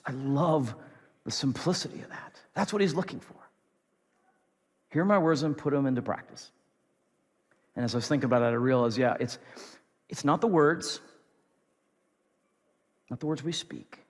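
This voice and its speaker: A pastor preaching a sermon in an earnest, repetitive way, moving between loud emphasis and soft near-whispers. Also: male voice, medium pitch, husky. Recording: long hall reverb.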